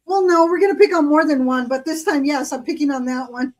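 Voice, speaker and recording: High-voiced chatty woman. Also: brisk, a little mellow, a little hiss or hum, low-quality recording. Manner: chatty storyteller, lots of fillers. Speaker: podcast co-host. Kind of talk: casual chat.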